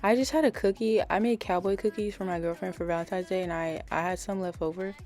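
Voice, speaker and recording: A woman's voice: fairly low pitch, steady tone, quick pace, darkish tone, soft background music. A young woman chatting casually as a nail art vlogger, rambling with lots of fillers and self-corrections. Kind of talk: casual voice-over chat.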